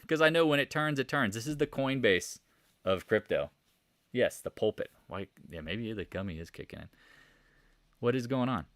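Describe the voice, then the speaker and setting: Blunt, animated male market-stream host. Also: medium pitch, normal speed, long pauses, no room sound. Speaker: host of a trading channel. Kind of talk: live market commentary stream.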